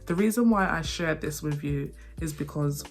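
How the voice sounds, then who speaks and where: A young adult woman telling a personal story to camera. She talks fast, repeats herself and trips over words now and then. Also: low voice, vocal fry. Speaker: vlogger. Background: faint background music.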